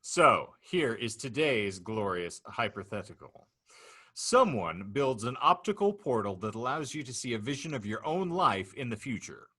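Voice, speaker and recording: A man's voice: lowish voice, sharp tone, husky. A man co-hosting a podcast, reading a hypothetical scenario aloud in a playful, mock-grandiose way. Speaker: podcast co-host.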